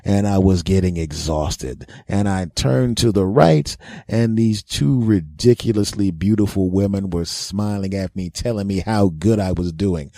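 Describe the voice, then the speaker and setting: A man's voice: low voice, unhurried, warm tone, dry recording. A man hosting a podcast, telling a funny story in a self-mocking monologue and laughing at his own jokes. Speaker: podcast host.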